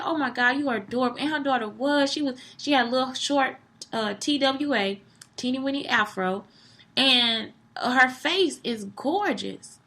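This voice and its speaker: A young woman gives a casual, blunt monologue, swearing freely and staying animated the whole way through. Her voice is high, bright and forward.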